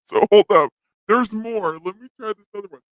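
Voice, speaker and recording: A woman's voice: medium pitch, measured pace, dry recording, muffled recording. A woman livestream host speaking through a voice changer that makes her sound like a young man, giggling and quizzing her chat about how she sounds. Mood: amused. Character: a cute young man's changed voice. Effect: male-sounding voice changer filter.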